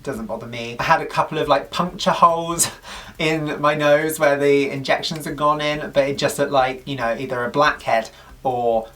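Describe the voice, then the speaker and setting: A man's voice: on the high side, fairly even intonation, moderate pace, pushed and bright, distant mic. A man vlogging to camera in a chatty, gushing, upbeat way. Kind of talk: casual talk to camera.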